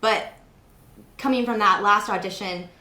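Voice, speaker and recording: Hosting an interview from an echoey room, a young woman speaks at a measured pace in a sharp, mid-range voice. Her style is chatty and anecdotal, with plenty of filler words.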